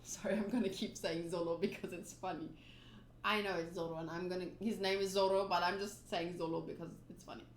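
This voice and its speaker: A woman's voice: on the low side, steady tone, a little fast, slight background noise. A woman streamer giving casual, chatty asides during a manga readthrough. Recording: roomy echo.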